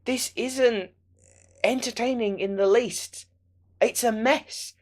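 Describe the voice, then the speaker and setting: A man's voice: very high voice, steady tone, slow pace. A young man ranting sarcastically in a film review vlog.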